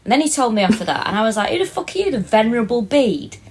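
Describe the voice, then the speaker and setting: A woman's voice: a little high, very animated, racing, a little mellow, a little hiss or hum. A woman, cohosting a comedy podcast and telling stories animatedly with lots of laughter and swearing. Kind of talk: casual chat.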